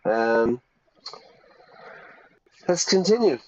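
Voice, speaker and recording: A man's voice: mid-range voice, big pitch swings, extremely slow, lo-fi sound, slight background noise. A man teaching English while streaming a game, chatty, explaining with examples and checking in with "yeah?".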